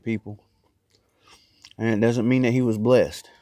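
A man with a lowish voice talks loosely and casually, rambling between bites as he vlogs. He is tucked into a small closet, and the sound is close and dry with no room echo at all. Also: measured pace, pauses often, mellow. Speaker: vlogger. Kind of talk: casual mukbang chat.

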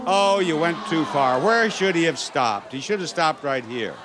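A man's voice: on the high side, expressive, moderate pace. A man hosting a studio game show, playful and joking with the contestants. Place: television studio before an audience. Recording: studio with crowd noise and music.

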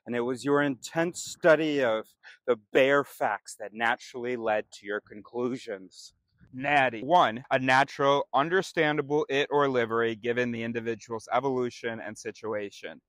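A man's voice: medium pitch, a bit bright, dry recording, rough recording. A man reading out definitions and examples in a dry, matter-of-fact way, giving some examples with sarcasm. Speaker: vocabulary explainer.

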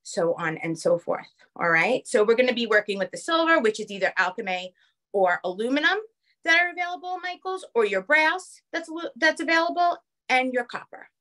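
A woman with a New York accent teaching a live online craft class over a phone camera, chatty and quick, checking in with the viewers often. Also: on the high side, very animated, a bit bright. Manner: fast-talking, chatty, keeps checking in with "okay?". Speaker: craft instructor.

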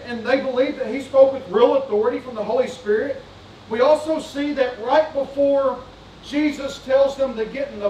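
High-voiced pastor preaching in a roomy church. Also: male voice, slight background noise. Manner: fervent, repetitive, asks the congregation questions. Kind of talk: sermon. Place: church sanctuary. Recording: roomy sanctuary sound, distant mic.

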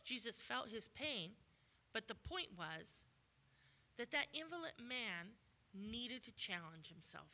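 With a medium pitch, lively intonation and an unhurried pace, a woman preaches as a guest in a church. She is emphatic, often asking the congregation questions and dramatizing quoted lines with sudden loud commands.

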